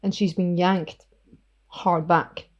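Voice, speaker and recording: A woman game master narrating a tabletop role-playing scene in a vivid, halting way. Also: on the low side, fairly even intonation, lo-fi sound.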